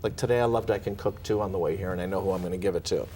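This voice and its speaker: Lively, low-voiced man telling stories. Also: very fast, slight background noise. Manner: animated, laughing, acts out and hums snippets. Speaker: guest. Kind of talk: casual interview storytelling.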